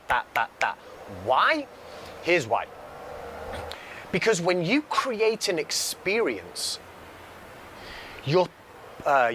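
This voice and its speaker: Animated male business speaker outdoors. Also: high-pitched, a little hiss or hum. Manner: animated storytelling, repeats phrases for emphasis. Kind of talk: casual motivational talk. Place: outdoors on a balcony by a road.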